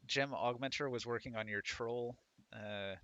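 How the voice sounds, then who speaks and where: A man's voice: mid-range voice, fairly even intonation, unhurried, highs cut off, a crowd in the background. A man running a tabletop game as dungeon master, explaining rules and the game world in an easygoing way. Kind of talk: casual tabletop game chat.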